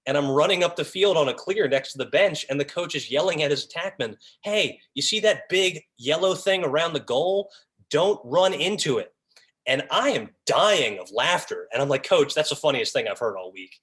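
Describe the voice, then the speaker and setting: A man's voice: medium pitch, fast. A man leading an officials' training session on a video call, talking casually and acting out what officials and coaches say. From raised by Long Islanders. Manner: animated, acts out lines of officials and coaches. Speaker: officiating instructor.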